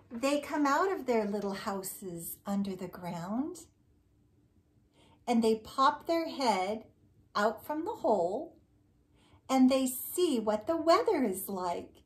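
A woman teaching a circle time lesson to young children, talking in a slow, exaggerated, sing-song way. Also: high voice. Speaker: preschool teacher.

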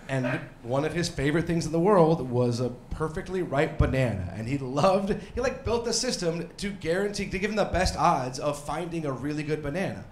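A man's voice: on the high side, expressive, moderate pace, slight background noise. Rambling man doing stand-up in a roomy club. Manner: rambling, self-deprecating, bursts into mock yelling. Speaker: stand-up comedian. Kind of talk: stand-up comedy set. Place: comedy club stage. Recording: roomy club with faint crowd ambience.

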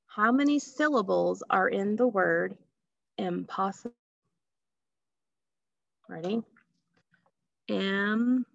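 A woman's voice: mid-range voice, animated, takes it slowly, vocal fry, pauses often, fairly bright tone, no echo. A woman teaching a phonics lesson to children, patiently stretching out sounds and asking questions. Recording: dull lo-fi recording.

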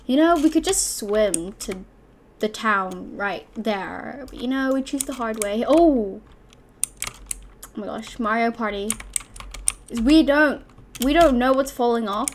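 A young woman hosting a gaming channel, giving excitable live commentary with loud exclamations as she plays. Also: on the high side, slow, pauses often, slight background noise.

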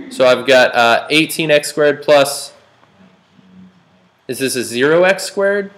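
Slow-talking playful male math teacher. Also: medium pitch, expressive, a bit bright. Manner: playful, jokey, asks the class questions. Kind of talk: classroom lecture.

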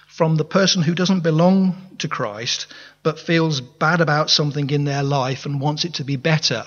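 Here a male pastor with a highish, breathy voice delivers a sermon in a church hall. Earnest in tone, he keeps restarting his words and questioning the congregation. Reverb from the hall and a dull lo-fi sound color the recording.

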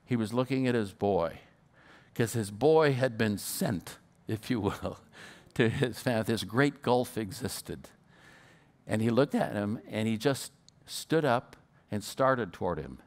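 A man's voice: lowish voice, animated, unhurried, a little mellow. An older man preaching a storytelling sermon, who stutters now and then and repeats his words. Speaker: guest preacher.

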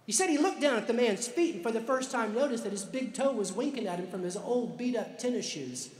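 A man telling a story to a live audience, slowing down for emphasis like a dramatic storyteller. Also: very high voice. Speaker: author and speaker. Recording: echoey hall with long reverb.

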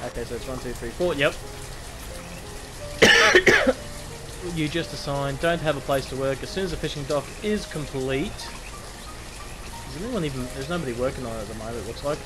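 A man's voice: mid-range voice, animated, moderate pace, pauses often. Chatty Australian man over music. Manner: rambling, chatty, reads on-screen text aloud, swears casually. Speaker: gameplay commentator. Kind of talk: casual let's-play tutorial commentary. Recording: music playing under the voice.

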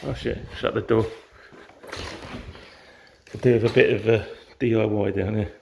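An English-accented man vlogs a casual, rambling walk through outdoor gardens, dropping the odd swear word. His fairly low, steady voice moves at a normal speed with vocal fry and a slightly mellow tone, plus a little hiss or hum. Faint outdoor ambience carries the sound of distant garden machinery.

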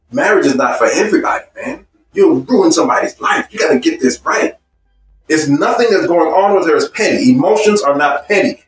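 A man's voice: medium pitch, recorded from a distance. Emphatic man teaching a seminar, echoey. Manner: emphatic and repetitive, stacking phrases; illustrates points with personal stories. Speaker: marriage seminar speaker. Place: seminar room.

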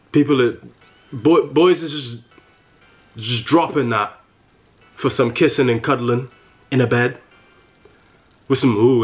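A young man with a London accent rants to camera in mock fury, repeating himself, stammering and breaking into laughs. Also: mid-range voice. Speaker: comedy vlogger. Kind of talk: satirical rant to camera.

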